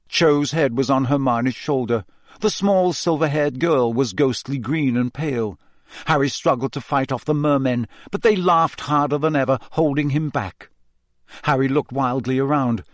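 Male audiobook narrator, measured expressive reading, middle pitch, dry close sound. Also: dry recording. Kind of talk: scripted narration of a novel.

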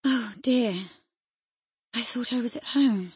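A woman's voice: on the high side, slow, breathy edge, dry recording, studio quality, pitched above the performer's own voice, full character voice. A woman reading the part of a feverish, frightened young noblewoman, with anxious, breathless lines that often drop to a whisper. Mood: pleading. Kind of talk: audiobook character reading.

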